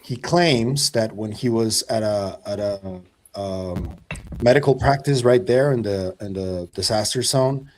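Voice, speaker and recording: Man, lowish voice, casual podcast guest, halting, lots of fillers. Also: a little hiss or hum. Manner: hesitant, with many fillers like "uh" and "like". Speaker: reporter on UFO cases.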